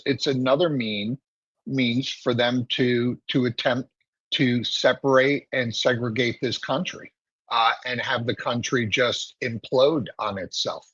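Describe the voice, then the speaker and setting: A man giving political commentary as a guest, emphatic and opinionated, talking in steady runs. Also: mid-range voice, slightly rough, no room sound, highs cut off. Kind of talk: political talk show commentary.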